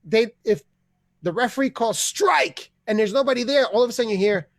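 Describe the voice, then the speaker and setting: A man's voice: extremely high pitch, expressive, fairly quick, very noisy. A man hosting an online open mic, ranting and rambling with profanity and sudden voice changes, over a video call. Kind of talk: comedy rant.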